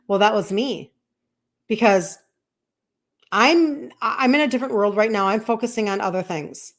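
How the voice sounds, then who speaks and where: A woman in her fifties, a health coach on a live stream, telling a personal story in a chatty, animated way and acting out bits of dialogue. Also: mid-range voice, normal speed, pauses often. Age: 50s.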